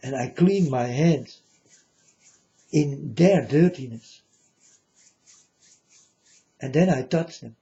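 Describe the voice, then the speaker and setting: A man talks in a slow, rambling monologue full of profanity, his English marked by non-native grammar. His voice is very dark and heavy with fry. The recording sounds dull and lo-fi. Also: mid-range voice. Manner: rambling, profane, with frequent "you know". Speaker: self-styled spiritual speaker. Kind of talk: casual spoken monologue.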